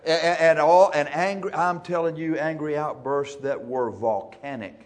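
A male pastor preaching in a church, folksy and emphatic, speeding up and slowing down for effect. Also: fairly high pitch. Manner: folksy, emphatic, shifting between fast and slow. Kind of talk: sermon.

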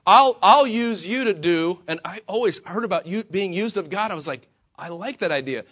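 A man's voice: high-pitched, moderate pace, fairly bright tone. A man preaching a sermon to fellow believers, swinging his emphasis and asking rhetorical questions. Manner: acts out quoted voices of himself and the Lord. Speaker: pastor.

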